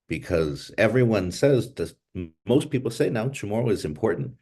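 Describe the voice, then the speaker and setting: A man's voice: fairly low pitch, big pitch swings, normal speed, mellow, breathy edge. A man hosting a language class over a video call, speaking in a thoughtful, reflective way and moving between Chamoru and English.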